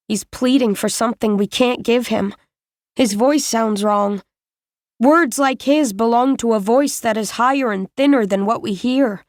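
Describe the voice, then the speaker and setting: A woman reading a first-person novel aloud as an audiobook narrator, in a measured, deliberate way. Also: fairly high pitch, no room sound, clean studio sound.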